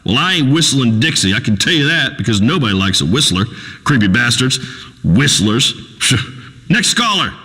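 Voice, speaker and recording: A crude rural radio host, folksy and pontificating, lively bright voice, long echo. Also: male voice, medium pitch, normal speed, slightly rough, exaggerated voice. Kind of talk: radio call-in show acting.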